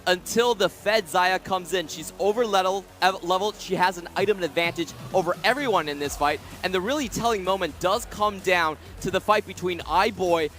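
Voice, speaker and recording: A man analyzing an esports game in a measured way, walking through the play. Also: high voice, fairly bright tone.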